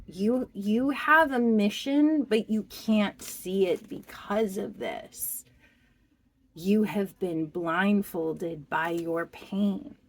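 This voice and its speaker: A woman doing a pick-a-card tarot reading, speaking to the viewer in a slow, heartfelt and expressive way. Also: medium pitch. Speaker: tarot reader.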